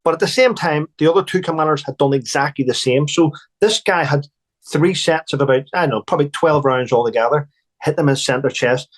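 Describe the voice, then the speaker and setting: A man's voice: a little high, fairly quick. A man, an army veteran, recounting war stories bluntly and emphatically, swearing and restarting.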